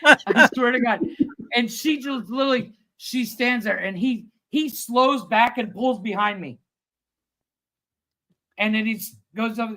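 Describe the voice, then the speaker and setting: A man in his thirties co-hosting a casual livestream chat, telling a long story with lively acted-out quotes and plenty of swearing. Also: very high-pitched, normal speed, vocal fry, rough recording. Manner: animated storyteller, acts out quotes, swears freely. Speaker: podcast co-host.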